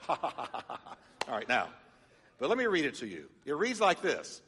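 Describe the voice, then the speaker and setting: Animated pastor with a bright voice. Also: male voice, medium pitch, takes it slowly, slightly rough, long reverb tail. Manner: animated, engages congregation with call-and-response. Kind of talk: sermon teaching. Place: church sanctuary.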